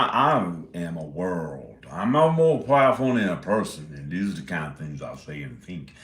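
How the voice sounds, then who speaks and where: A man's voice: a bass voice, a bit bright. A man in his forties rambling in a casual monologue, often laughing and swearing. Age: 40s. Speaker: indie filmmaker. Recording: roomy echo.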